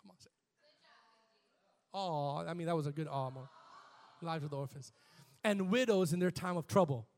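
A pastor preaching a lively sermon to his congregation, leading chants and call-and-response and rising to shouts. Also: on the high side, normal speed, pauses often. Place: church before a live congregation.

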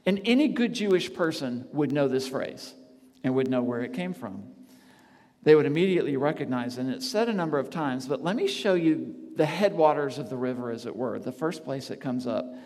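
A man preaching, earnest, reading scripture aloud and swinging from emphatic peaks to soft, quiet tones. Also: medium pitch, animated, moderate pace. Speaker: campus ministry speaker. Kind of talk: sermon. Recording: long reverb of a large hall.

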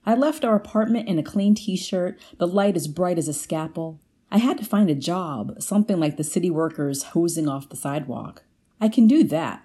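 A woman reading a first-person literary piece aloud at a measured pace, lifting her pitch for the quoted lines. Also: mellow. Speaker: guest reader.

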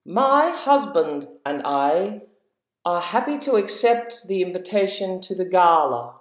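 A man's voice: high voice, sing-song, a little slow, voice pushed up. Stately elderly queen, prim and upper-class, a man doing the impression, slightly raised voice, echoey room. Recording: roomy echo.

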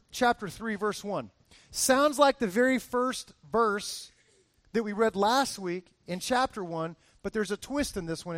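Fortyish guy pastor, kinda high voice, dry close sound, chatty sermon that gets punchy. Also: no room sound. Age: 40s. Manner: casual, rising to emphatic bursts. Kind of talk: conversational sermon.

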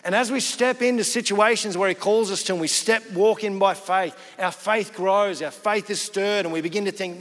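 A man's voice: high-pitched, fairly even intonation, moderate pace, few pauses, a bit bright, big-room sound. A pastor preaching a sermon, telling stories in a conversational way and acting out the people he quotes.

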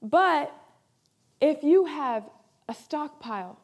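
A woman pastor preaching a sermon with emphasis, repeating key phrases and moving between loud and soft delivery. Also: high voice, lively intonation, slow pace.

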